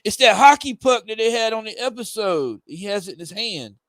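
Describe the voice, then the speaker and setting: A man's voice: high-pitched, lively intonation, brisk, fairly bright tone, dry recording, clean studio sound. Rambling man reading a comic aloud. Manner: rambling, hesitant, with fillers and self-corrections. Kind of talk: casual reaction commentary.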